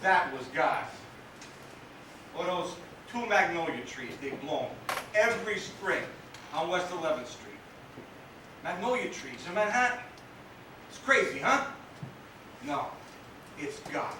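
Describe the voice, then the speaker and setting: A man's voice: high-pitched, lively intonation, takes it slowly, pauses often, pushed and bright, slight background noise, full character voice. An actor playing a streetwise, kindly man who comforts a grieving kid, chatty and wry with street slang. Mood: wry, consoling. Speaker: stage actor. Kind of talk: stage drama monologue. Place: theatre stage. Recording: echoey theatre from far off.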